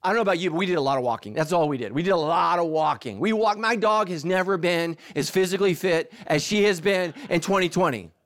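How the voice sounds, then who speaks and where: A man's voice: high-pitched, fast, hardly any pauses. A middle-aged man from Southern California, a pastor preaching a sermon and telling stories with acted-out voices. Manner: animated storytelling, acts out quotes.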